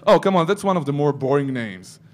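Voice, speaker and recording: A man's voice: fairly high pitch, expressive, fairly quick. A man giving a security conference talk, breaking into joking asides to the audience. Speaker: conference speaker.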